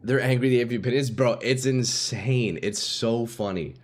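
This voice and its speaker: A man with a mid-range voice streams games and chats at a moderate pace. His talk with viewers is laid-back and slangy, and he calls them "boys" and "dude."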